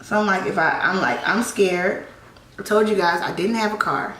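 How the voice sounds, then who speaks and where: A woman's voice: mid-range voice, normal speed, a bit bright. A woman vlogger at home telling a personal story in a conversational way while getting ready, acting out the dialogue as she goes. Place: at home, in a room. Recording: echoey room, distant mic, background noise.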